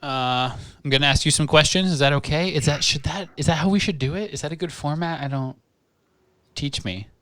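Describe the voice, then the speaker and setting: A young man co-hosting a podcast, bantering casually in a deadpan, self-mocking way. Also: fairly high pitch, fairly quick, no room sound. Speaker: podcast co-host. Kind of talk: joking casual chat.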